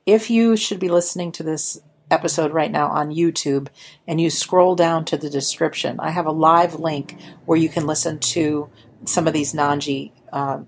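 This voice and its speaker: A woman's voice: deep voice, fairly even intonation, moderate pace, a little hiss or hum. A woman hosting a podcast interview, encouraging her guest and steering the conversation. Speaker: podcast host.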